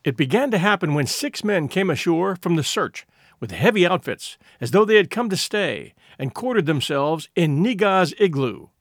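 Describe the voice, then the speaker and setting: Guy reading an old adventure story aloud, lots of pitch movement, dry close sound. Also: dry recording. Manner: measured, expressive storytelling. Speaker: narrator. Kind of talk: audiobook narration.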